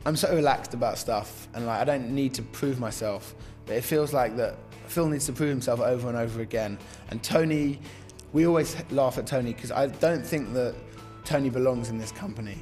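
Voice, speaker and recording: A man, a professional poker player, speaking in an interview in a relaxed, boastful way and dismissing his rivals. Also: medium pitch, normal speed, few pauses, soft background music. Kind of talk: interview to camera.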